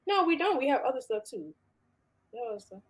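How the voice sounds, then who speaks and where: A woman's voice: sits high, sing-song, quick pace, poor audio. A woman with a Chicago accent, chatting easily in a casual panel talk. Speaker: panel co-host.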